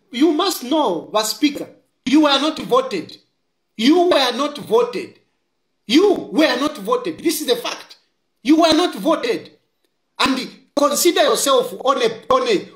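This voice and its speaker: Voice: medium pitch, fairly bright tone. A political commentator with a Zambian accent, delivering impassioned, scolding commentary and repeating key lines for emphasis. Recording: roomy echo.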